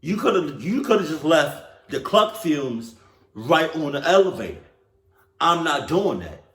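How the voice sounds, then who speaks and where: A man's voice: on the high side, big pitch swings, a little slow, a bit bright. A man hosting a reaction video, talking casually with slang and swearing as he blurts out reactions. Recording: roomy echo.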